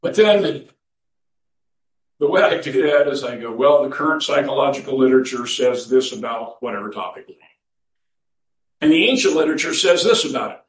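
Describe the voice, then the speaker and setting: Folksy pastor in a roomy church. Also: male voice, mid-range voice. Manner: folksy, chuckles at his own stories. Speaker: pastor and counselor. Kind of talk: sermon with storytelling. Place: church sanctuary. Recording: roomy church recording from a distance.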